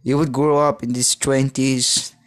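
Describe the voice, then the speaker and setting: A Filipino man in his thirties hosts a solo podcast, rambling haltingly and often restarting as he searches for words. His voice is medium-pitched and level, with no echo.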